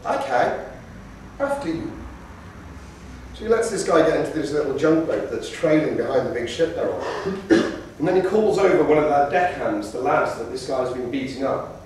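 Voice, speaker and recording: Animated male lecturer in an echoey hall. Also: mid-range voice, fairly quick, a little hiss or hum. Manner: animated storyteller, acts out quotes. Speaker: debate lecturer. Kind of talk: lecture to students. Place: lecture room. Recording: roomy hall from a distance.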